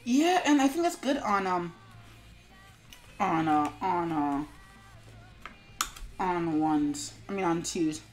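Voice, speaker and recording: A woman with a slightly low voice chats loosely with her viewers while working on an animation. She rambles with plenty of fillers and drifts into quiet mumbling. Faint music plays in the background. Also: lively intonation, slow pace, pauses often. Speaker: streamer. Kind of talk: casual live-stream chat while animating.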